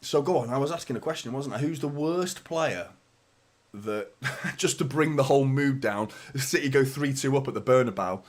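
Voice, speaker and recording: Hoarse fan commentating a match. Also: male voice, medium pitch, normal speed. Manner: chatty, sweary, teasing banter. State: hoarse, sore throat. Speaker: fan watchalong host. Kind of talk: live match commentary and casual chat.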